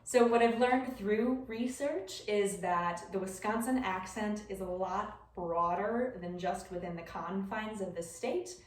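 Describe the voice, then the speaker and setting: A young adult woman gives a class presentation, explaining things step by step with scattered ums. Her mid-range voice is a little slow with few pauses, and the recording has slight background noise and a roomy echo, her voice far from the mic.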